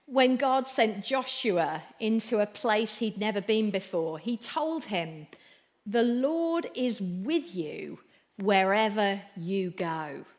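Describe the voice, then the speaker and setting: A woman giving an all-age church talk, playful and encouraging as she speaks directly to the children. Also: sits high. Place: church hall.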